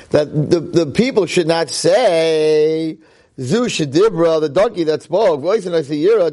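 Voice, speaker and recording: A man, a rabbi giving a Torah lecture, excitable, swinging from low asides to high exclamations and peppering his talk with Hebrew terms and "right?".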